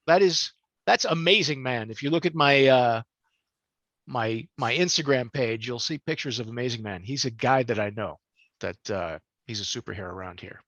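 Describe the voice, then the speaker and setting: A man's voice: mid-range voice, moderate pace, fairly bright tone, no room sound. An older man, a voice actor, chatting animatedly about his work in an interview. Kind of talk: interview storytelling.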